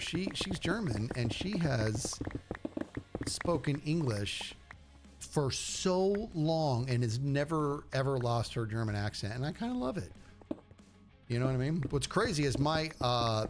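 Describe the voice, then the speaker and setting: Middle-aged man, rambling live-stream gamer chat at a mid pitch, music playing behind him. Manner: rambling and chatty, self-interrupting and repeating words. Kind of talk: casual live-stream chat while gaming. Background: background music.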